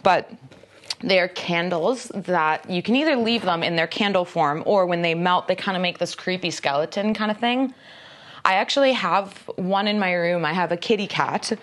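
A woman's voice: fairly low pitch, normal speed. A woman chatting casually through an unboxing, rambling with lots of filler words and self-mocking jokes. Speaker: magazine staffer presenting an unboxing.

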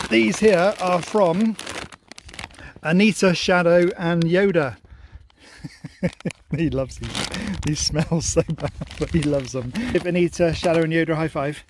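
Cheery young bloke, chatty dog-owner vlogger, slightly high voice, laughs a lot. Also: male voice, slow pace, long pauses, a little hiss or hum. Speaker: dog owner thanking viewers for gifts. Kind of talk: casual vlog chat to camera and dog.

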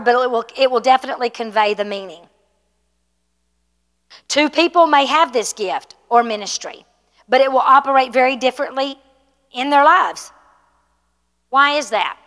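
A high, bright woman's voice carries through a church hall with a long, echoing tail. She teaches a class like a pastor, talking it through and checking in with her listeners. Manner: conversational, asks the room questions. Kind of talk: sermon teaching.

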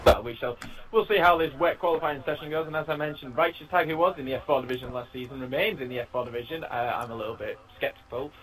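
A man's voice: medium pitch, fast talker, fairly bright tone, poor audio. Playful male sim racing commentator. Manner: playful, laughs often, rambling restarts. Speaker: race commentator.

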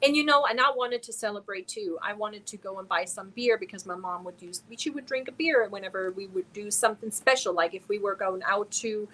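A woman's voice: mid-range voice, brisk, hardly any pauses. A middle-aged woman from Germany, hosting a casual live stream and reading viewer messages aloud as she answers them. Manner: reads chat messages aloud and answers viewers warmly one by one.

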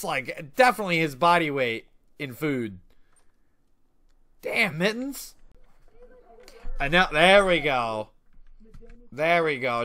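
A man giving casual let's-play commentary on a life-sim game, excitable and slangy, laughing often. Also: sits high, no echo.

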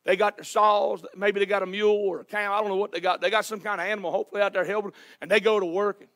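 High-pitched preacher hollering. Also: male voice, little pitch movement, quick pace, fairly bright tone. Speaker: pastor. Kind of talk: sermon. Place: church sanctuary.

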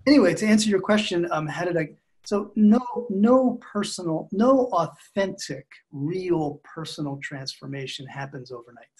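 A middle-aged man answers interview questions as a relationship expert, in an even, measured and thoughtful way. His voice sits somewhat high for a man. The tone stays calm throughout. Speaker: marriage expert guest. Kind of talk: podcast interview.

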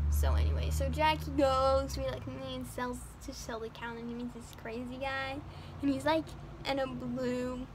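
A woman storyteller retells a fairy tale in a loose, chatty, rambling way. Her voice sits high and animated. Faint room ambience hums under the recording. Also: background noise.

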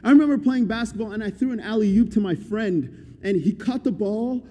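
A man preaching a sermon as a guest speaker, animated and swinging between quiet and loud passages. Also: sits high, brisk. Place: church hall. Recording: church hall reverb.

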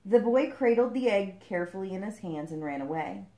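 Expressive woman reading a picture book. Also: medium pitch, fairly quick, reverberant. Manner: expressive, lively. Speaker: storyteller.

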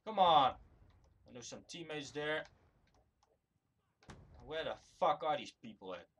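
A man's voice: a little high, expressive, measured pace, a bit bright, husky. A man giving angry gameplay commentary, swearing constantly and ranting at other players. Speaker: gamer recording his own play.

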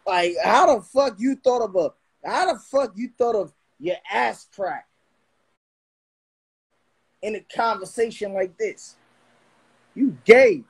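A man's voice: very high-pitched, breathy edge. A young man hosting a live stream, brashly mocking and roasting a guest in a swaggering way. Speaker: livestream host. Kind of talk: trash-talking livestream roast.

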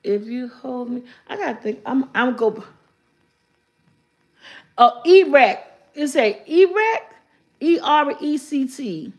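High-pitched and animated, a woman hosting a laid-back live stream reads out riddles posted in her chat. She goes over them slowly a second time and keeps breaking into laughter.

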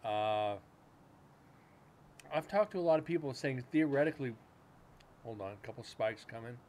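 A man's voice: medium pitch, animated, normal speed, darkish tone, slight background noise. A man hosting a paranormal livestream, chatting casually in a loose, rambling way with some swearing. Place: home room with a cat nearby.

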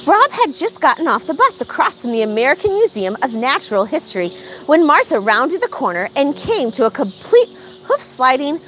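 A woman's voice: high-pitched, moderate pace, a little hiss or hum. A woman reading a picture book aloud for storytime in a farm barn. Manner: animated, expressive.

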